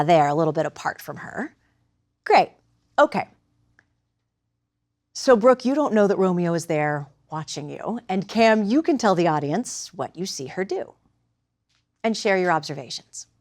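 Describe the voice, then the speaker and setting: A woman instructor explaining the rhythm of verse and directing actors, in a clear, patient teaching voice. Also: mid-range voice. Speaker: theater instructor. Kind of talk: lecture with live demonstration.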